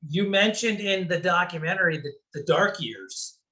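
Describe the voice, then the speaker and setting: A male interviewer with a fairly high, bright voice asks his question slowly, stopping and starting over before he gets to the point. The sound is crisp and forward. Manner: halting, restarts his questions.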